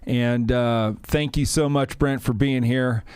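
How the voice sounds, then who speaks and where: A man's voice: mid-range voice, steady tone, slow pace, darkish tone, clean tone, dry recording. A man hosting a podcast interview, earnest and upbeat in his questions and introductions. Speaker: podcast host.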